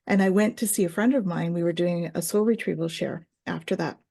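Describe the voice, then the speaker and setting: A woman's voice: fairly low pitch, steady tone, brisk, creaky, dark tone. A woman who teaches Reiki tells a personal story in casual chat, acting out quoted voices and laughing often.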